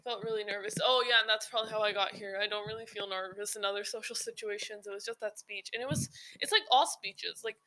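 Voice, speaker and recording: A woman's voice: mid-range voice, fast, sharp tone. A teenage girl hosting her own podcast, chatting casually in a rambling, giggly way and often interrupting herself. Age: teens. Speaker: podcast host. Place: home.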